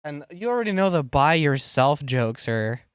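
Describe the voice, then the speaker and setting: A man's voice: a little high, very animated, moderate pace, smooth, dry recording, studio quality. A man streaming live, chatting casually with his viewers, rambling with fillers and giggling often.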